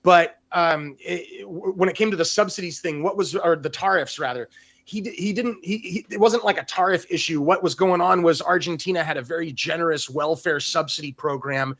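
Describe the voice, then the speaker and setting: Guy with a slightly high voice, polite, kinda hesitant, talking politics. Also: moderate pace, fairly bright tone. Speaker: guest. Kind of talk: casual political chat.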